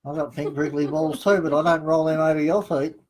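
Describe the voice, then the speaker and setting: A man's voice: on the high side, little pitch movement, brisk, low-quality recording. A man co-hosting a casual live stream, reading out comments with dry, joking banter. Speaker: co-host reading viewer comments.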